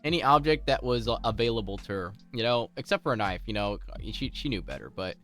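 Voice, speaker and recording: A man's voice: medium pitch, expressive, fast, fairly bright tone, faint music behind. A man streaming from home, chatting casually with his viewers, rambling through stories with lots of laughter and restarts.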